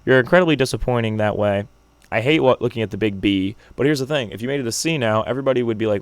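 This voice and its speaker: A man's voice: medium pitch, fast, smooth, no room sound. A young man hosting a solo sports podcast, making brash, joking predictions like a hyped-up fan. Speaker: podcast host.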